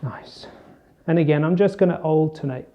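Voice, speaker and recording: Relaxed man coaching stretches, muffled sound. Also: a little high, measured pace. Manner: relaxed, chatty, talks while demonstrating stretches. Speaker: fitness coach. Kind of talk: instructional demonstration.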